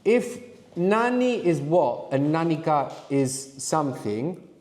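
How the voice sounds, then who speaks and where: A man's voice: fairly high pitch, sing-song, slow pace, darkish tone, big-room sound. A man teaching a live language workshop, coaxing students with questions and asking them to think aloud. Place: classroom with students.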